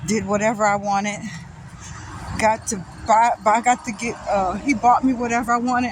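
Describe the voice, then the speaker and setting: A woman from North Carolina telling a painful personal story in a halting, sighing way, with restarts. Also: fairly high pitch, fairly even intonation, noisy background. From North Carolina, USA. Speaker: vlogger telling her life story.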